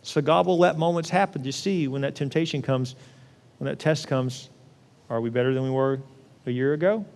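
A male pastor preaching a conversational sermon, often acting out prayers in a lively voice. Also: medium pitch, moderate pace, vocal fry. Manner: conversational, acts out prayers in an animated voice. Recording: long reverb of a large hall.

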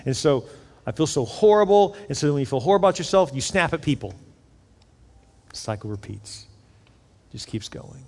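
A man's voice: medium pitch, expressive, moderate pace. Preaching man in a reverberant hall. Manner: preaching with acted-out inner voices, rising and falling in loudness. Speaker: pastor. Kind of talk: sermon.

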